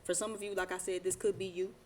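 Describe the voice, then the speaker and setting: A woman with a low voice gives a loose, slangy tarot reading, full of profanity and rambling asides. She laughs often as she goes. A faint hiss of noise sits behind her. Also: level tone, fast, darkish tone. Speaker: tarot reader.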